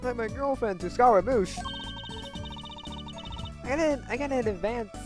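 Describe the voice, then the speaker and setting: A woman voicing a bubbly teenage girl who gushes excitedly, over game music. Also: on the high side, unhurried, pitched above the performer's own voice, close to an everyday voice. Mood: gushing.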